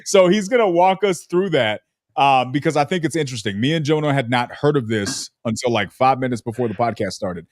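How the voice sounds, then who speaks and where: A man's voice: mid-range voice, expressive, brisk, dry recording. Male podcast host, casual rambling chat, dry close mic. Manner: rambling, self-aware, hedging.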